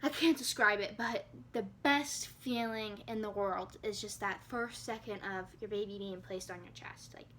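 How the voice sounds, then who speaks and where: A woman's voice: mid-range voice, moderate pace, hardly any pauses, a little hiss or hum. A young woman casually telling the story of giving birth, candid and chatty, swearing freely and acting out her own reactions. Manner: animated, acts out her own quoted reactions.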